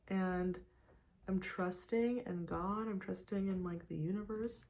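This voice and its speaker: A young woman chatting casually while doing her makeup, talking fast and loose with lots of "like", sometimes dropping to a whisper. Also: on the low side, vocal fry, slight background noise. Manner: chatty and animated, full of "like" and "you guys", drops to whispers. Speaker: lifestyle vlogger. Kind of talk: casual get-ready-with-me chat. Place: her apartment.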